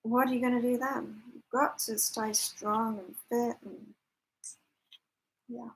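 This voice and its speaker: A woman's voice: a little high, flat delivery, unhurried, vocal fry, rough recording. A woman hosting a live psychic chat, talking casually with viewers, laughing often and reading out their comments. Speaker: psychic livestream host. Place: temporary lodging, staying away from home.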